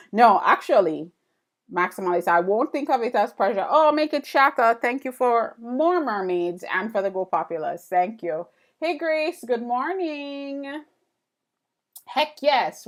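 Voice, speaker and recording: A woman's voice: a little high, expressive, a little slow. Woman live-streamer, casual and rambling, thanking her chat between drawing steps. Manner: chatty, thanks viewers, many fillers and restarts.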